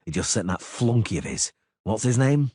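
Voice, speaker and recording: Laconic weary monster hunter, dry and calm, husky low voice, read by a man. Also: moderate pace, dry recording.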